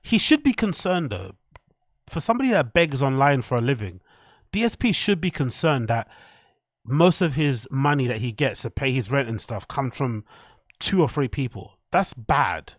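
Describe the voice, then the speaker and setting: A man's voice: mid-range voice, sing-song, moderate pace, no room sound, studio quality. A man, commenting to his chat on a live stream in a rambling, profane way.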